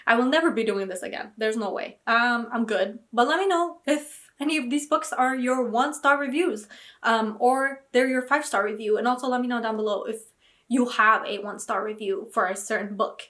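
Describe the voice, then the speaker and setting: Animated young woman reacting to reviews. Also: fairly high pitch, fairly quick. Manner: animated, indignant, dramatic exclamations. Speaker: book vlogger. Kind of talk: casual reaction vlog.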